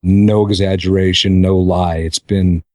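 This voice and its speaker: A middle-aged man from Pittsburgh, a podcast guest chatting casually with wry, deadpan humor. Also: sits low, measured pace, no room sound, clean studio sound.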